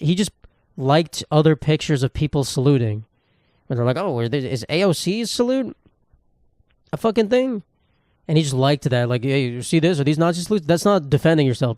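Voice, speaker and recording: A man's voice: fairly high pitch, a little mellow, no echo, clean studio sound. A young man hosting a solo podcast from his apartment, rambling and swearing in a jokey way. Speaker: podcast host.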